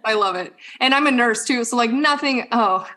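A woman's voice: on the high side, moderate pace, pushed and bright. A woman in her thirties, a nurse and mother, chatting as a podcast guest with lots of "like" and "yeah". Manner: casual, says like and yeah a lot. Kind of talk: casual chat.

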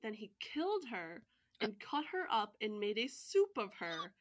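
A woman co-hosting a podcast, reading a folktale aloud in an even storytelling manner with joking asides. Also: mid-range voice, a little slow.

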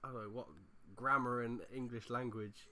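A man's voice: medium pitch, level tone, moderate pace, sharp tone. A man co-hosting a podcast, teasing in casual chat and often laughing. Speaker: podcast co-host.

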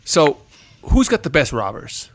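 A man's voice: on the high side, wildly swooping pitch, measured pace, no echo, exaggerated voice. A man improvising a pushy New York schemer, with a put-on New York accent that slips and a blustery, swearing manner. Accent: put-on New York, slipping. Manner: blustery, swears, repeats himself. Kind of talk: improv comedy scene.

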